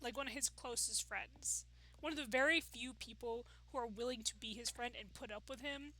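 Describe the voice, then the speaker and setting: High bright giggly woman. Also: normal speed, rough recording. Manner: giggly, chatty, swears casually. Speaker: anime reaction host. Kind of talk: casual episode reaction chat.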